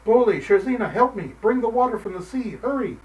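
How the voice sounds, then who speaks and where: A man's voice: high voice, big pitch swings, normal speed, recorded from a distance, lo-fi sound, pitched above the performer's own voice. A man voicing a kindly, weary old fisherman who pleads with his pets. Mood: pleading.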